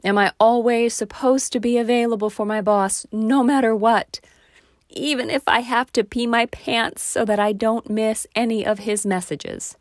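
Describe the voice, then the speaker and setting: A woman's voice: fairly high pitch, fairly even intonation, normal speed, no echo, clean studio sound. A woman talking straight to her viewers in a reflective monologue, asking rhetorical questions and poking fun at herself. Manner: self-deprecating, asks the listener rhetorical questions.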